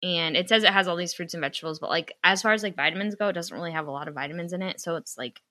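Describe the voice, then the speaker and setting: A young woman and podcast co-host telling a story in casual chat, animated and quick to act out what others said, swearing when annoyed. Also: lowish voice, no echo.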